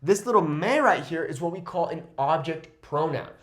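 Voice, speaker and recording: A man teaching a language lesson, slowly repeating phrases and often checking in with "okay?". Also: a little high, lively intonation. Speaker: Spanish teacher. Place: Mexico.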